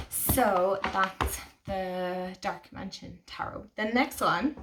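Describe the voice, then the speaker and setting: Chatty woman vlogging, all excited, lots of um and like, a bit far from the mic. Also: mid-range voice, slow pace, background noise. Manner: gushing, excitable, full of fillers and restarts. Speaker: tarot vlogger. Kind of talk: casual chat.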